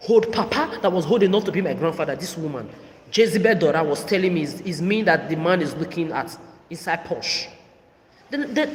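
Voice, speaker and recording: Furious woman ranting in echoing room. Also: mid-range voice. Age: 30s. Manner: furious, profane, accusatory ranting. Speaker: podcast host. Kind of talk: angry solo monologue. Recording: reverberant room, faint background noise.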